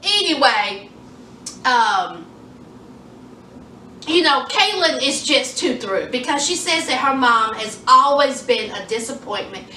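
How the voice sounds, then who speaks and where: A woman's voice: high-pitched, animated, slow, long pauses, sharp tone, a little hiss or hum. A woman chatting sassily to her viewers as she recaps a reality show, calling them y'all and honey. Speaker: reality TV reviewer. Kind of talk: casual recap chat. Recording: echoey room, voice a bit far from mic.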